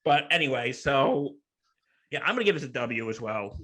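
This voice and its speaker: A man hosting a sports podcast, chatting casually in an animated, jokey way. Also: medium pitch, moderate pace. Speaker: podcast host.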